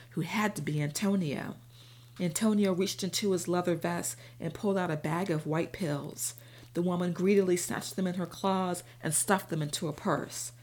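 A woman narrating a first-person audiobook in a steady, even storytelling manner. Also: on the low side, gravelly.

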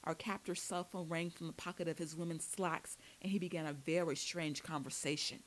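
A woman reading a first-person novel aloud as an audiobook narrator, with steady storytelling delivery. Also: fairly low pitch, normal speed, low-quality recording.

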